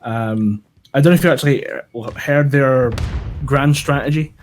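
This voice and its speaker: A man's voice: mid-range voice, normal speed. Sardonic man joking about games. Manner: dry, sardonic humor with swearing. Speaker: podcast co-host. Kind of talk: casual chat about games and tech. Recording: gaming audio noise behind. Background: clicks and gunfire from a game.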